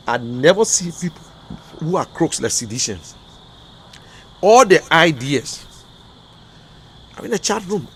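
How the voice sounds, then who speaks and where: A man with a Liberian English accent holds forth on a political livestream, repeating his points and jumping from quiet muttering to sudden loud bursts. His voice sits a bit high for a man. A faint hiss of background noise runs under the recording. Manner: emphatic, repetitive, swings between muttering and loud outbursts. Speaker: livestream commentator. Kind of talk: impassioned political livestream rant.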